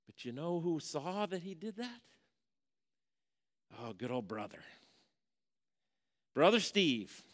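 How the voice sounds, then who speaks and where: A man delivers a sermon like a folksy storyteller, dropping to hushed tones and then rising to emphatic points. His voice sits a little high for a man. It rings out with the long reverb of a big church hall. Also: big pitch swings, takes it slowly, long pauses. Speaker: preacher.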